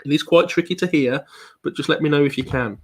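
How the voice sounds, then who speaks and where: A man's voice: on the high side, fast talker, breathy edge. A man giving an online presentation as a paranormal investigator. He talks in a hesitant way, with frequent ums and repeated words.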